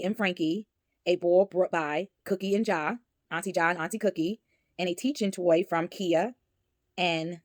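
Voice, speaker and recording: Chatty New mother, low voice. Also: a little mellow, no echo, clean studio sound. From Brooklyn, New York. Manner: affectionate, chatty, laughs often. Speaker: mother reading a baby book aloud. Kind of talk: casual reading and reminiscing.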